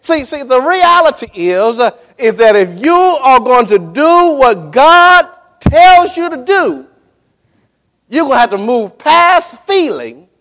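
A man preaching a sermon with fervor, pausing for effect, repeating himself for emphasis and calling on his congregation to follow along. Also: very high voice, a bit bright. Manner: dramatic pauses and emphatic repetition. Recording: long reverb in a large hall.

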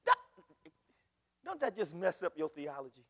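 A man preaching a sermon as pastor, swinging from soft asides to loud shouting, mocking quoted voices along the way. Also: high voice, big pitch swings, moderate pace. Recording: echoey hall recording.

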